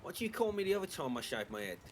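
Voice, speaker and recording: A man's voice: a little high, very animated, very fast, slight background noise. A man grumbling and swearing his way through a casual in-character roleplay banter. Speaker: roleplay player.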